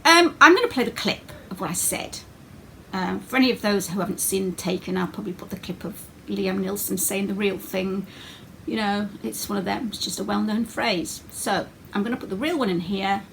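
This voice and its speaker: A woman's voice: medium pitch, normal speed, vocal fry, sharp tone, slight background noise, low-quality recording. A woman talking in a sarcastic, mocking way as she answers her critics in a casual video.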